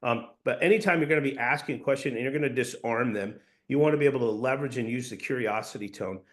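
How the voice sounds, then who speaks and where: Man, sales coach, mid-pitched voice, emphatic, drills points home by repeating them. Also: fast. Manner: emphatic, repeats key points for note-taking. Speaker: sales trainer. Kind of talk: sales training talk to a team.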